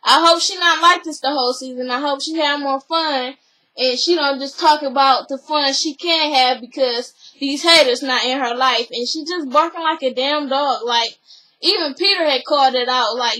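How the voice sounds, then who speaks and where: A woman's voice: high voice, bright, forceful tone, low-quality recording. A young woman, casually recapping a reality show and giving her opinions. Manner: chatty, opinionated, retells scenes with quoted voices.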